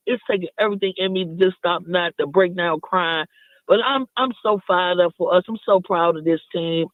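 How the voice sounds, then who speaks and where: A man calling into a sports radio show, emotional and fired up, talking fast. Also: sits high, no echo. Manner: emotional, fired-up, preaching pep. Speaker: radio caller. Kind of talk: call-in radio fan call. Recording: phone line.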